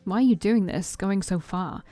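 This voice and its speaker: A woman's voice: mid-range voice, moderate pace, mellow, soft background music, lightly acted. A woman voicing a grumpy, easily flustered young man while reading a visual novel aloud, with curt, grumbling lines.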